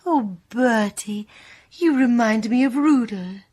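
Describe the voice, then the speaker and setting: A woman's voice: a little high, takes it slowly, a little mellow. An actress playing a dreamy, gushing young woman in a radio comedy. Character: soppy, romantic young woman.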